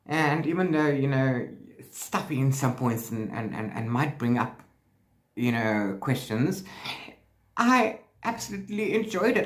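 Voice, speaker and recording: A man vlogging about his reading, chatting casually and often correcting himself mid-sentence. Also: a little high. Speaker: book vlogger. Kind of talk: casual book review chat. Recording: roomy echo.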